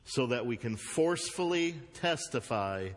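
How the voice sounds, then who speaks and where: A male pastor with a Southern US accent, preaching a sermon with loud emphatic bursts and quieter earnest asides. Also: medium pitch, expressive, measured pace. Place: church sanctuary. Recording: long hall reverb.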